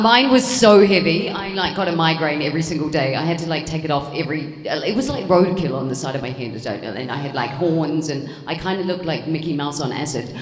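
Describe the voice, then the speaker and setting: A woman on a convention panel speaking in an animated, comically complaining way. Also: low voice. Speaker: panel guest. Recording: echoey convention hall.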